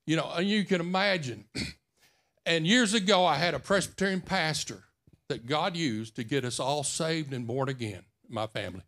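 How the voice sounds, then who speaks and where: A man's voice: fairly high pitch, moderate pace, a bit bright. A man preaching a sermon, telling a personal story in a folksy, intimate way. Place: church.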